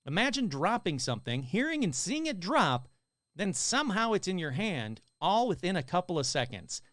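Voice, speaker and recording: Male podcast host, slightly high voice, chatty and casual, reading listener stories, dry close sound. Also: big pitch swings, moderate pace, a bit bright, dry recording. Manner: casual, chatty, swears and jokes between stories.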